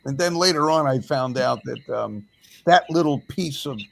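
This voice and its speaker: An older man, once a radio disc jockey, looks back on his career in a relaxed podcast chat. He tells it as a story, pausing often on fillers. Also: medium pitch, vocal fry. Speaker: former radio DJ. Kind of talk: casual reminiscing chat.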